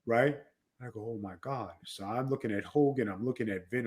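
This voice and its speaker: Man, New York accent, podcast host, lively storyteller, mid-pitched voice. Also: fairly quick. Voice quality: animated storyteller who acts out quoted dialogue. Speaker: podcast host and former wrestler. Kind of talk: casual storytelling chat.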